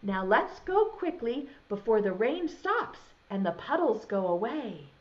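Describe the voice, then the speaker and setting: A woman's voice: on the high side, unhurried. A woman voicing an eager little boy in a picture book who exclaims as he searches. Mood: excited. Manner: excited, exclaiming. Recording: dull lo-fi sound.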